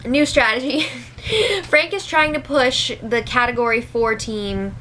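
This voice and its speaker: A woman's voice: a little high, takes it slowly, pushed and bright, a little hiss or hum, rough recording. A young woman giving a casual recap, chatty and laughing often as she retells what people said. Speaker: show recap host. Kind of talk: casual reality show recap.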